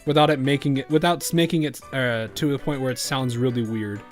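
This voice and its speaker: A man's voice: mid-range voice, fairly even intonation, fairly quick, soft background music. A man giving casual commentary on a game he is playing, rambling with restarts and laughing often. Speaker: game streamer.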